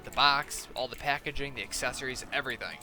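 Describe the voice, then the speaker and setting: A man's voice: medium pitch, quick pace, pushed and bright, soft background music. A man chatting casually while playing a game, ranting and swearing as he retells an argument. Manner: profane, ranting, quoting others in a mocking tone. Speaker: gaming streamer. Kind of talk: casual gameplay chat.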